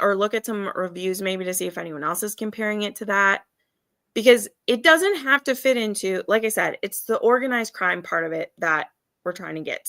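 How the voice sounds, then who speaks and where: A woman's voice: medium pitch, pushed and bright, dry recording, clean studio sound. A woman hosting a casual livestream chat, emphatic and chatty, with ranting asides. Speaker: readathon host.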